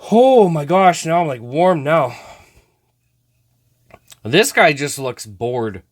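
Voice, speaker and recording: Lively slow-talking man. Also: fairly high pitch. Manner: chatty, talks to viewers while sorting cards. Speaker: host. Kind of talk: casual card-opening vlog.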